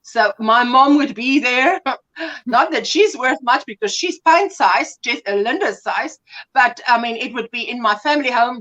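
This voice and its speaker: Middle-aged woman, livestream host, high bright voice, animated casual chat. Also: measured pace, low-quality recording. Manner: animated, laughing storyteller.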